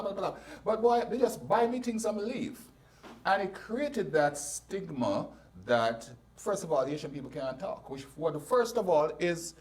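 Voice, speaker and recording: A man with a Jamaican accent hosting a casual panel talk, telling stories with lots of restarts. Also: sits high. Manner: animated storyteller, lots of restarts. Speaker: host. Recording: voice a bit far from the mic.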